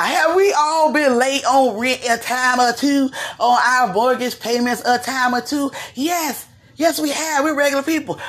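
A woman hosts a casual gossip talk show, sassy and animated as she speaks straight to her listeners. Her voice is husky and sits a bit high. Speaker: host.

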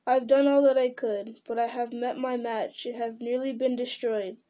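A woman voicing a commanding old male wizard from a storybook, giving urgent orders in a forceful voice. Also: a little high, steady tone, normal speed, close to an everyday voice. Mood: weary.

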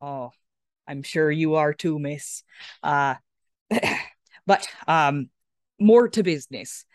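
A woman's voice: sits low, animated, takes it slowly, no room sound, studio quality. A woman voicing an older male goblin second-in-command who speaks in a formal, slightly flustered way.

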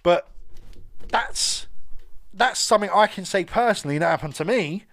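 A man's voice: high voice, animated, normal speed, fairly bright tone. A British man co-hosting a podcast, telling a story in casual chat with lots of swearing. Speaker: podcast co-host.

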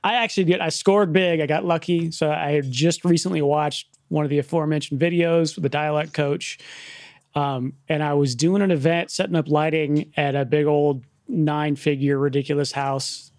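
Creaky-voiced man telling a laid-back anecdote. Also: on the high side, fairly even intonation, normal speed, a little mellow, dry recording, studio quality. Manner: laid-back anecdote teller with casual swearing. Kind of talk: casual chat.

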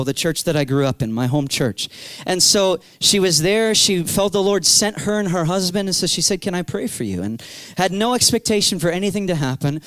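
A man in his thirties preaching a sermon, telling his story with animated energy and acting out his own past cries. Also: high-pitched, no room sound. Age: 30s.

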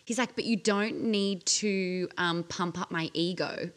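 A woman, co-hosting a casual podcast chat and telling a story with acted-out quotes. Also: measured pace. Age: 30s. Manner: animated storytelling, acting out quotes in a low voice. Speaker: podcast co-host.

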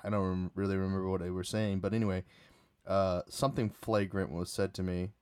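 A man's voice: low voice, level tone, brisk, a little mellow, smooth, no room sound, studio quality. A young man telling a casual, rambling story about a night out, full of restarts and fillers.

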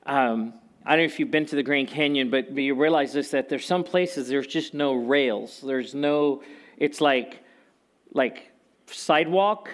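Conversational preacher with a higher voice. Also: male voice. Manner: conversational preaching with personal stories and humor; emphatic, repeats key phrases. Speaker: pastor. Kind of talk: sermon.

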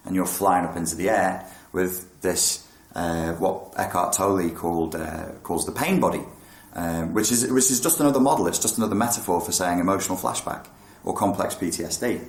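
A man with a low voice talks fairly quickly in a reverberant space. He discusses meditation casually and frankly, swearing now and then and acting out his thoughts as quotes, in the manner of someone who speaks about meditation and mental health.

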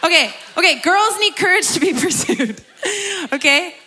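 Her voice is very high, animated and sharp, at normal speed with slight background noise. As a guest speaker at a church gathering, this young woman gives a candid personal testimony, preaching casually, laughing often and at times tearful.

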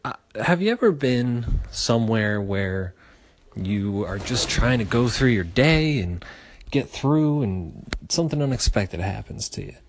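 A man in his forties from the Philadelphia area telling a personal story in a casual, animated way, swearing freely and using lots of fillers. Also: mid-range voice, a little slow. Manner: animated and profane, with frequent fillers.

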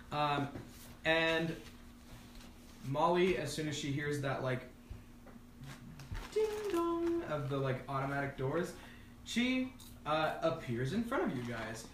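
Brief: male game master, casual and rambling, slightly high voice, distant from the mic. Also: very animated, takes it slowly, pauses often. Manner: casual, rambling, lots of fillers and restarts. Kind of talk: narrating a tabletop game. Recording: echoey room, distant mic, noisy.

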